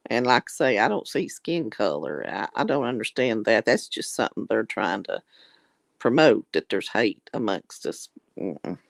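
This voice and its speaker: A woman with an East Tennessee mountain drawl from the American South hosts a casual livestream, reading viewer comments and calling people darling and honey in a folksy way. She has a bass voice with vocal fry, recorded dry.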